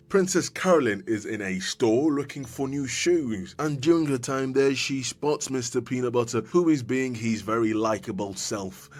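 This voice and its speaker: Playful man narrating a video essay. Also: medium pitch. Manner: playful, with jokey asides and mock scolding.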